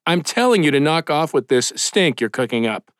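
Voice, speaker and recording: A man's voice: a little high, big pitch swings, normal speed, fairly bright tone, no room sound, clean studio sound. Man voicing a brash, pushy enforcer. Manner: bossy, swaggering.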